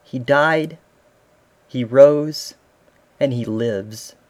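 A man's voice: medium pitch, very slow, darkish tone. A man, a father, preaching a sermon as pastor, earnest and asking the listeners questions. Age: adult father.

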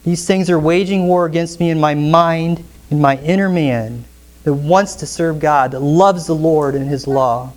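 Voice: medium pitch, unhurried. A pastor preaching an expository sermon in church, often asking the congregation rhetorical questions.

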